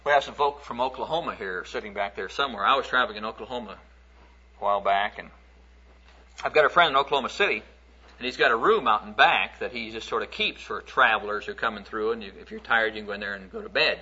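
A man's voice: on the low side, fast talker, pushed and bright, husky. A man preaching a sermon through folksy, conversational storytelling, acting out the stories he tells. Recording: dull lo-fi recording.

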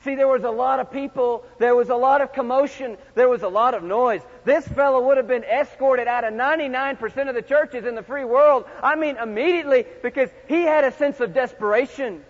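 A middle-aged man preaching a sermon, swinging from loud shouts to hushed, intimate tones. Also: very high voice, a little fast, few pauses. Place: large church sanctuary. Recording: dull sound with long hall reverb.

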